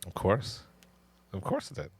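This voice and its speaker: A man's voice: measured pace, no room sound. A man co-hosting a casual podcast chat, answering with short, wry, laid-back remarks. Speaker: podcast co-host.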